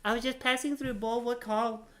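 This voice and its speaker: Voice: medium pitch, fairly even intonation, moderate pace, voice pushed up, lightly acted. A gamer voicing a sly, seasoned female adventurer, speaking in a confiding, conspiratorial way.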